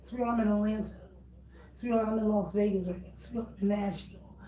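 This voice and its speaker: Woman vlogger, profane and preachy call-out delivery, low mellow timbre, echoey room with faint hiss. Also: steady tone, quick pace. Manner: blunt, profane, lecturing. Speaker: YouTuber. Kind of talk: direct-address rant vlog. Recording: roomy echo, distant mic, faint noise.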